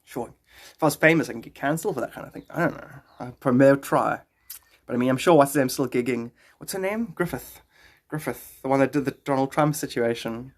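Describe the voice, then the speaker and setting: A man's voice: medium pitch, a little fast. A man streaming live and chatting casually with his viewers, rambling, joking and greeting them by name. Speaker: livestreamer.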